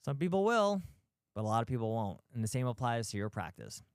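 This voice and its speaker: Male host, medium pitch, smooth and crisp, dry close sound, blunt and emphatic delivery. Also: big pitch swings, a little fast, dry recording. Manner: blunt, emphatic, rhetorical questions, mild swearing. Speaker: podcast host, physical therapist. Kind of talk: animated talk to practice owners.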